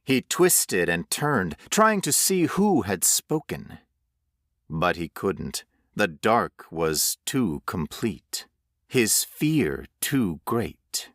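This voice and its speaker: Slow, measured male horror narrator. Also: deep voice, very animated, a bit bright, dry recording, clean studio sound. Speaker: audiobook narrator.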